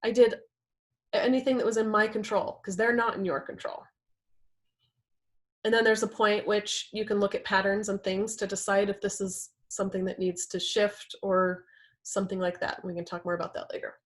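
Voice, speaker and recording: A woman's voice: mid-range voice, moderate pace. Earnest woman teaching communication. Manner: earnest, acts out quoted partners in lively voices. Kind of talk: presentation talk with slides.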